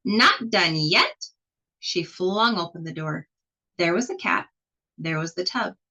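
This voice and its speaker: A woman with a husky, fairly low voice reads a children's picture book aloud. She tells it slowly and expressively, leaning into the scary parts. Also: rough recording. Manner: expressive, slow storytelling. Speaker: storybook reader.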